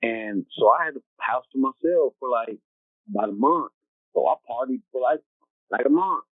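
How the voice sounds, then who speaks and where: A man of middle pitch tells a story in a loose, rambling, streetwise way, checking in with his listener as he goes. The sound is thin and phone-like, very dry, with no room around it. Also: animated, normal speed, husky, dry recording. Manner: rambling, streetwise, tags lines with "right?" and "you know what I'm saying". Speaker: interview guest. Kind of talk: casual personal storytelling.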